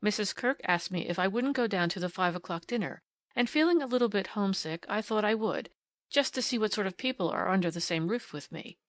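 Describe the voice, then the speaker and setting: A woman's voice: medium pitch, a little fast, no room sound. A woman from New Zealand with a New Zealand accent, expressively narrating an audiobook in the first person. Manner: expressive storytelling reading.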